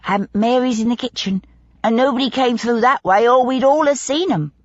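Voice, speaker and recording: Brief: woman reading as a confiding young maid, raised pitch, broad dialect, husky dull recording. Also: normal speed, no echo, lightly acted. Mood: earnest. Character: young gossipy female housemaid, eager and superstitious.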